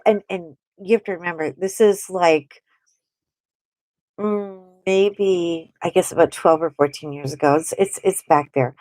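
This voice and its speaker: A woman hosting a casual livestream, chatting and telling a story while she draws, animated and acting out quotes. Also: on the low side, unhurried, no echo. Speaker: host.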